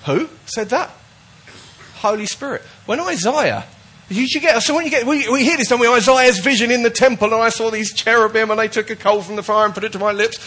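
A man's voice: very high-pitched, fairly quick, bright, forceful tone, slightly rough. A man preaching a sermon to his church, emphatic and repetitive, often restarting his words. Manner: emphatic, repetitive, with false starts. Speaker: pastor.

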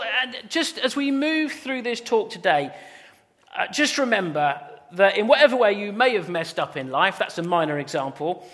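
Loud, bright-voiced preacher. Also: male voice, sits high. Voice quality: loud, jokey and animated. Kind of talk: sermon. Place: church hall with a live congregation. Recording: reverberant hall sound.

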